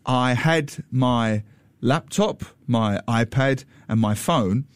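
A man's voice: mid-range voice, slow, smooth, dry recording. A man, an author guest telling a funny anecdote on a radio chat show with frequent laughs. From England.

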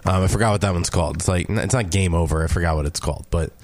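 A man's voice: low-pitched, a little mellow, no echo. A man co-hosting a sports radio show who keeps up a teasing back-and-forth with his partner. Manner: teasing, quick banter. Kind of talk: casual sports radio chat.

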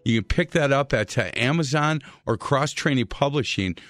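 A chatty male radio host talking into a studio microphone. The sound is dry and close, and he tells his stories in a relaxed, talkative way. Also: mid-range voice, normal speed, no echo. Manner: chatty storyteller, laughs at his own tales. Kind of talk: casual radio talk.

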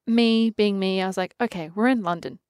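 A woman in her twenties from Adelaide with an Australian accent, a fitness trainer telling lively stories in an interview, acting out quotes and laughing often. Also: medium pitch, fairly quick, clean tone, dry recording. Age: 20s. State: pregnant. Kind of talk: casual interview.

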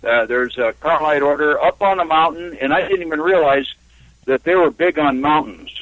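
A man from California calling in to a radio show, talking haltingly with many fillers and restarts. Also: on the high side, no echo. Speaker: caller. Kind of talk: phone-in call to a radio show. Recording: tinny phone line.

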